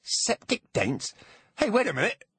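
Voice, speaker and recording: A man's voice: high-pitched, huge pitch swings, unhurried, fairly bright tone, breathy edge, no room sound, pitched above the performer's own voice, full character voice. A man doing a dim, confused goblin guard.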